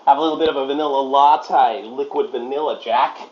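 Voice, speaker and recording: A man in his thirties with an Australian accent, rambling excitably in slangy, joking banter with a voice assistant. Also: medium pitch, fairly quick, echoey room, lo-fi sound, a little hiss or hum. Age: 30s.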